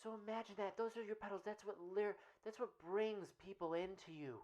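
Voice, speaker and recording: A woman's voice: medium pitch, fairly even intonation, a little fast, a little mellow, close to an everyday voice. A woman playing an earnest, rambling male radio host and self-help guru in a comedic parody monologue, who keeps asking "right?".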